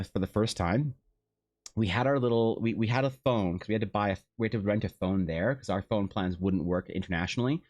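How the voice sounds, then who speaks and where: A young man streaming, telling rambling stories in casual chat with lots of restarts and swearing. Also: on the low side.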